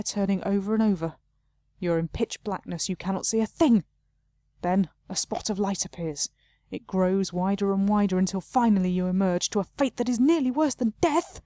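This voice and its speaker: A woman's voice: medium pitch, dark tone, no echo, clean studio sound. A woman playing a game, chatting casually and reading the game text aloud, often laughing at herself. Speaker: let's play host.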